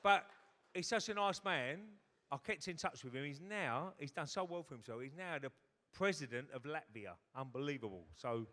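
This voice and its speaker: Middle-aged bloke telling a sweary comic story on stage, bright voice, big hall echo. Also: male voice, on the high side, animated. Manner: swearing, quick punchlines, acts out voices. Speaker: guest storyteller. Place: hotel ballroom stage. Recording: hall reverb at a live event.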